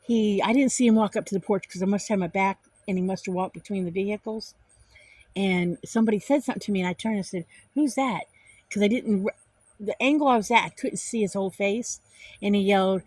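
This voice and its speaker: A middle-aged woman vents into her camera in a casual vlog, indignant and repeating her points. Her voice sits at an ordinary pitch and sounds close and dry, with no room echo. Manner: animated, indignant retelling with repeated phrases. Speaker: vlogger.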